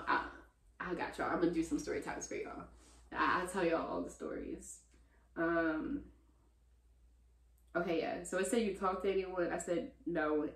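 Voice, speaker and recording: A young woman in her twenties chatting casually in a Q&A vlog, talking to her viewers as "y'all" and getting loud and animated when she vents. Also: fairly low pitch. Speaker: vlogger answering viewer questions. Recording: roomy echo.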